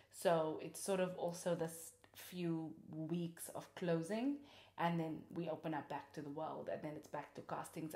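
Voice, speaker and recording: A woman's voice: fairly low pitch, darkish tone. A young woman, an actress, hosting a casual chat about films she recommends, gushing and laughing often. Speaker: host and actress. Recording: roomy echo.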